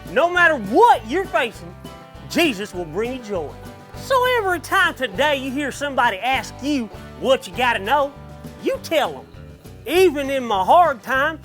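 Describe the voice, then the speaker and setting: A woman playing a cheerful Cajun bayou character who talks in a folksy, sing-song drawl, swooping high and lively with every phrase. A light music bed plays softly under this kids' church video. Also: full character voice. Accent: Cajun Louisiana. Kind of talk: children's church video segment.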